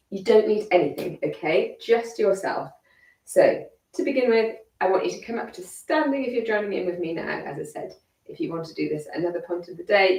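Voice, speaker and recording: A woman leading a guided neck and shoulder stretching class in a calm, encouraging way, with a croaky voice. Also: medium pitch. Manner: calm, encouraging step-by-step cueing. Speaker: fitness instructor. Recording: echoey room, mic at a distance.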